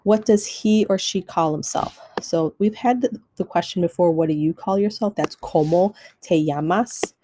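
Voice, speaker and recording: A woman's voice: lowish voice, normal speed, hardly any pauses, mellow, slight background noise, rough recording. A woman teacher giving a recorded Spanish lesson, talking students through notes step by step and repeating keyboard shortcuts. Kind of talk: recorded screen-share lesson.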